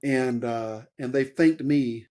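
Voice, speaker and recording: A man's voice: mid-range voice, takes it slowly, a little mellow. A man in his fifties, a retired Army warrant officer, telling his story as a podcast guest in a rambling, earnest way, with lots of fillers and restarts. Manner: rambling, loose speech full of fillers and restarts; earnest and openly emotional. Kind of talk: conversational interview storytelling.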